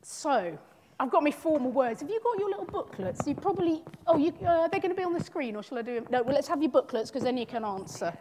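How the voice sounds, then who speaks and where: A woman's voice: high-pitched, big pitch swings, quick pace, a little mellow, a little hiss or hum. A woman leading a church service, enthusiastic and informal as she responds to a testimony and moves on to baptisms. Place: church hall. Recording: long hall reverb.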